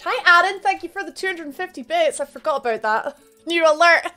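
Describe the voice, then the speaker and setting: A woman's voice: high voice, lively intonation, moderate pace, long pauses, bright, forceful tone, soft background music. A young woman live streamer chatting casually and playfully with her viewers. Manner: bubbly and playful, jokes with chat. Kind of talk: casual chat greeting viewers.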